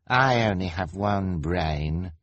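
A man's voice: lowish voice, expressive, a little slow, slightly rough, no room sound, muffled recording. Man playing a mopey, self-pitying young man. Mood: gloomy.

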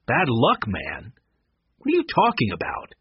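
A man's voice: mid-range voice, very animated, a little slow, breathy edge, no echo, muffled recording, exaggerated voice. A man voicing a scheming male publicist who argues defensively and pleads.

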